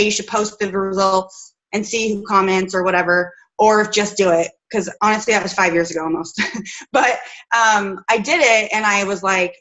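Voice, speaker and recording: Woman, 30s, fitness coach, bright open voice, rambling chatty storyteller, at home. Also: mid-range voice, rough recording. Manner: chatty, rambling with fillers and restarts. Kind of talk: casual personal story.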